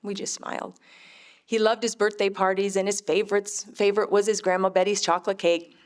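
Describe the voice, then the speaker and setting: A middle-aged woman shares a personal testimony in an earnest, measured voice. Her pitch sits in an ordinary middle range, and she tells her story with heartfelt sincerity. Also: level tone, a little mellow. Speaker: mother giving a faith testimony.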